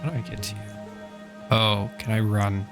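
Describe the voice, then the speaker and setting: A man's voice: fairly low pitch, level tone, normal speed, music in the background. A man streaming a video game, chatting casually with his viewers and laughing often. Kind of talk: casual live-stream chat while gaming.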